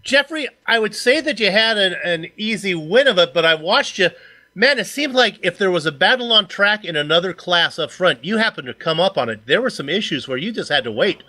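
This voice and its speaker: A man's voice: high-pitched, lively intonation, a little fast, bright, forceful tone. A man hosting a sim racing broadcast, recapping results and joking with drivers in interviews. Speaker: broadcast host.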